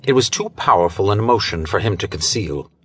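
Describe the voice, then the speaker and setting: A man narrating a pulp thriller audiobook in a dramatic, measured storytelling manner. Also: on the low side, animated, fairly bright tone, slightly rough, dry recording. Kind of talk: scripted narration.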